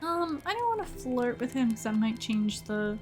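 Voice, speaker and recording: A woman's voice: a little high, big pitch swings, moderate pace, soft background music. A young woman streaming a story game, reading its text aloud and reacting with frequent laughs in casual commentary.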